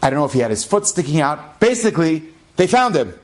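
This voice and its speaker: A man, a rabbi, telling a dramatic story in an animated, expressive way. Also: a little high, fast. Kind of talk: storytelling talk.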